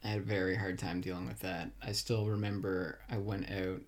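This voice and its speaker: A man co-hosting a casual podcast, talking in a soft, halting, earnest way. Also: low-pitched, little pitch movement. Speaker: podcast co-host.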